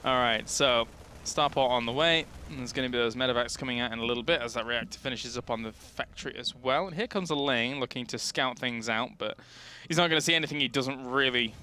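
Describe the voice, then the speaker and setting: A man's voice: medium pitch, fairly quick, hardly any pauses, bright, forceful tone. A young man from England with a southern English accent, commentating a live esports match with chatty, joking banter. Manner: chatty, jokey, laughs often.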